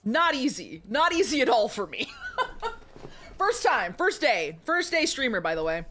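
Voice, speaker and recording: A woman's voice: a little high, big pitch swings, measured pace, sharp tone, a little hiss or hum. Giggly young woman streamer. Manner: giggly, self-mocking asides. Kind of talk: reading a romance novel aloud, casual stream chat.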